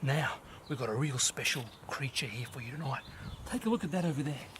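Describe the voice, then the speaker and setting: A man's voice: medium pitch, expressive, a little fast, voice pushed down, lightly acted. A man putting on a brash Australian wildlife-show host with a broad drawl. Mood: hushed showman.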